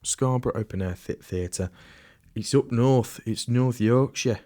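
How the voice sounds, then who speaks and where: A man's voice: medium pitch, a little slow, mellow, no echo, studio quality. A man hosting a solo podcast in a casual, rambling way, often restarting and trailing off into asides. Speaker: podcast host.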